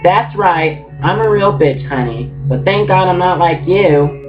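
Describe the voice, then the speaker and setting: A woman's voice: fairly low pitch, expressive, measured pace, pitched above the performer's own voice. A man reading aloud, voicing a blunt, sarcastic woman in her thirties. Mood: mocking. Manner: sarcastic, crude put-downs. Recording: muffled with guitar music.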